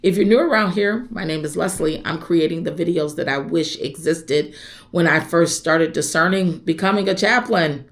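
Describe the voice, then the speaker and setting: A woman's voice: low-pitched, normal speed. Woman chaplain, conversational direct-to-viewer teaching. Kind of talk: casual teaching vlog.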